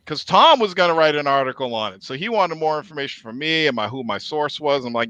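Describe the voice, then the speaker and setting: A man hosting a podcast, telling a story in a casual, profane, animated way. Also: sits high, brisk, few pauses, no room sound, dull audio. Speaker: podcast host.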